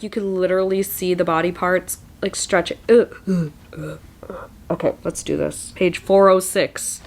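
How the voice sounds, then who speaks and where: A woman reading a book aloud at home in a casual vlog, reacting with laughter, groans and swearing. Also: mid-range voice. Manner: expressive, swears and laughs often, reads passages aloud. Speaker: book vlogger. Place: at home at a table.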